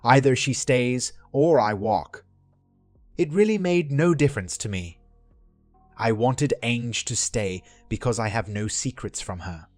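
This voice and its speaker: A man's voice: medium pitch, a little slow, no room sound, soft background music. Man narrating a dramatic story. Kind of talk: scripted narration of a first-person online story.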